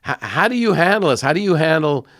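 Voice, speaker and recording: A middle-aged man hosting an interview podcast, telling stories in a conversational, animated way. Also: a little high, fast, dry recording, studio quality. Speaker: podcast host.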